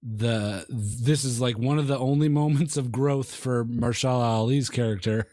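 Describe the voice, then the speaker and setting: A man co-hosting a movie review podcast, retelling film scenes in a halting way with lots of ums and uhs. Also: medium pitch, dark tone, dry recording, clean studio sound. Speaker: podcast co-host. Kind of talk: casual movie review chat.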